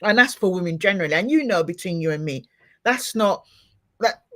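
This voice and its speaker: Animated, expressive woman podcast host. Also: lowish voice, a little fast. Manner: animated, expressive, acts out little scenes. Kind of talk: casual interview chat.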